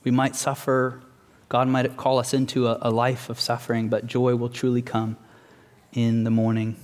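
A man preaching a sermon in an earnest, measured way, slowing down to stress key words. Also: mid-range voice, completely flat delivery, darkish tone. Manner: earnest, measured, slows for emphasis. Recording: long hall reverb.

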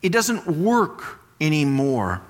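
A married pastor with a slightly high, very animated voice preaches a sermon slowly. He teaches through everyday comparisons and repeats key phrases for emphasis, and the recording carries a long hall reverb.

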